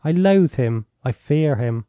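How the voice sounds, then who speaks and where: A man's voice: a little high, expressive, takes it slowly, dark tone, dry recording. A man reading an audiobook, voicing a frightened, impassioned young woman who speaks urgently.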